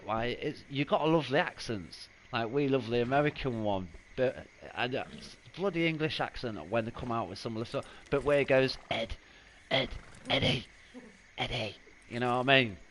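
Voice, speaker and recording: A young man chatting casually and rambling while live-streaming a video game, laughing and swearing freely. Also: mid-range voice. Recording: noisy gameplay audio behind.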